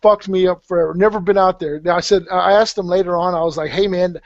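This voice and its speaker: A middle-aged man, a guest on a podcast, rambles through a casual story, restarting often and swearing now and then. He talks fast in a high, steady voice with no echo, though the podcast audio sounds dull and slightly muffled.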